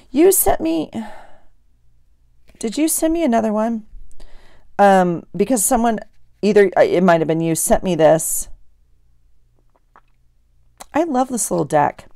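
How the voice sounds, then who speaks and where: A woman's voice: mid-range voice, vocal fry, warm tone, no echo, studio quality. A woman vlogger chatting casually at her craft desk, thinking aloud as she journals and opens mail. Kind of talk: casual chat while journaling.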